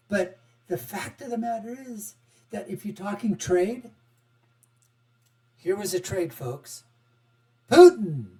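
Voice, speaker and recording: A middle-aged man hosting an online political commentary show, sarcastic and animated, with chuckling asides. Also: high-pitched. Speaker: host.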